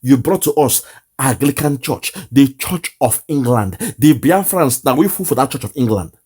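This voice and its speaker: Impassioned Nigerian man, lively voice. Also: medium pitch, normal speed, slightly rough. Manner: lamenting, repetitive, emphatic. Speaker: online commentator. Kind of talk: impassioned political commentary.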